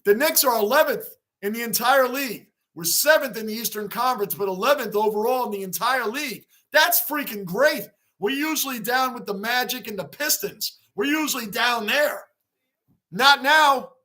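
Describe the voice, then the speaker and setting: Excitable high-voiced man hosting a sports stream. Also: moderate pace. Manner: excitable, shouts at big plays, reads chat names aloud. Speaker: livestream host. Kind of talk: casual live-chat sports reaction.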